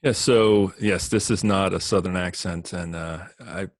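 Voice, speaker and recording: A man in his fifties with a New Jersey accent, talking as a guest on an interview podcast in a relaxed, reflective way. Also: deep voice, unhurried, no echo, studio quality. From northern New Jersey. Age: 50s. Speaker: podcast guest, business consultant. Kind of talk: casual interview talk.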